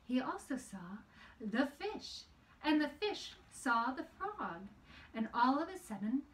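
A woman with a high voice tells a children's story in a gentle, sing-song way, voicing little sound effects as she goes. Her voice sits a bit back from the mic. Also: recorded from a distance, poor audio. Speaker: puppeteer and storyteller.

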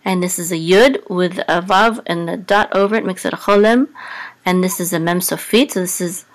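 A woman teaching a casual Hebrew reading lesson, sounding out letters slowly with many pauses and ums. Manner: slow, deliberate, with many ums, sings the trope marks on a higher pitch.

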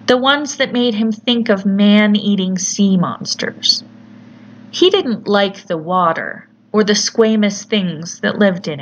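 A woman narrating a horror story in a measured, deliberate storytelling manner. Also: medium pitch. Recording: slightly muffled with faint hiss.

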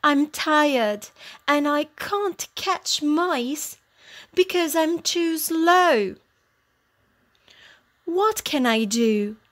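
Woman voicing a weary old she-cat, plaintive, raised voice, slow. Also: sits high, expressive, a bit bright, voice pushed up, full character voice.

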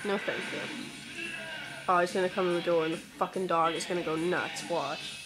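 A woman's voice: lowish voice, steady tone, moderate pace, rough recording. A sick woman with a stuffy, congested voice talks straight to her camera at home. She rambles bluntly and swears often, over music playing in the background. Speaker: vlogger. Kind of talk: casual home vlog.

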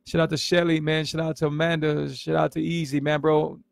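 A man's voice: a little high, flat delivery, a little fast, gravelly, no echo, clean studio sound. A man in his forties talking in a casual livestream, earnest and emotional, who repeats himself and stumbles over his words. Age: 40s. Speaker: vlogger sharing his health story on a livestream.

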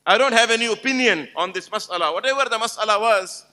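A man's voice: high voice, fast talker, bright, forceful tone. A man giving an emphatic religious lecture to a live gathering, telling stories and putting rhetorical questions to the audience. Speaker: Islamic lecturer.

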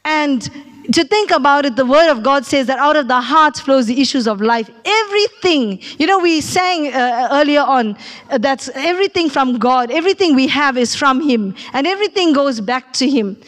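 High-voiced woman preaching. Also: lively intonation, normal speed. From South Africa. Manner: storytelling, acts out the people she quotes. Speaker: pastor. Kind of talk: sermon with personal story.

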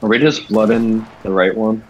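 A man's voice: lowish voice, fairly even intonation, moderate pace, muffled recording, slight background noise. A young man in casual gaming chat, barking short callouts and swearing now and then. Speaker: gamer.

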